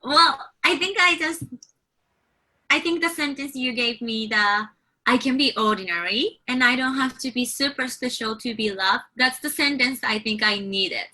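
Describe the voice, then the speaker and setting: A woman's voice: sits high, normal speed, bright, forceful tone, poor audio. A woman on a video call panel, speaking reflectively and with emotion. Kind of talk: casual panel chat.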